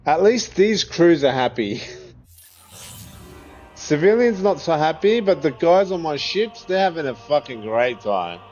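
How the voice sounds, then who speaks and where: A man's voice: fairly high pitch, big pitch swings, unhurried, a little mellow. An Australian man giving casual gameplay commentary, chatty, swearing freely and laughing often. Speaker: gaming video creator. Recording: slightly dull audio with faint game music. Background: faint game music.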